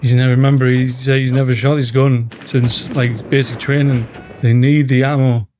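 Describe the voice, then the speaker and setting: A man's voice: medium pitch, flat delivery, normal speed. Emotional man reacting to a film. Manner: emotional, swearing, talking to the screen. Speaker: movie reaction host. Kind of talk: live movie reaction. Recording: noisy with loud film audio.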